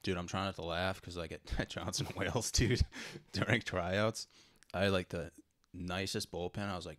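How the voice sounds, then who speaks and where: A man's voice: low-pitched, fairly even intonation, normal speed, fairly bright tone, dry recording, studio quality. A young man from New hosting a podcast, chatting casually and swearing often. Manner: laid-back, swears a lot, says dude constantly. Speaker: podcast host. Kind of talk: casual chat.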